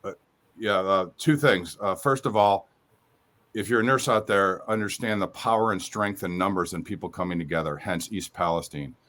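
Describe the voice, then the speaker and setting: A man's voice: low voice, moderate pace, fairly bright tone. A man who runs a company, speaking as a podcast guest, earnest and candid, sometimes restarting his sentences. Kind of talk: casual interview chat.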